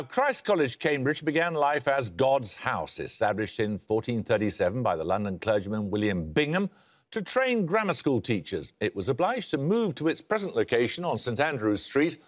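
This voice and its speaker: A man hosting a televised quiz show, reading questions and introductions in a crisp, precise manner with dry wit. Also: medium pitch, sing-song, normal speed. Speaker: quizmaster.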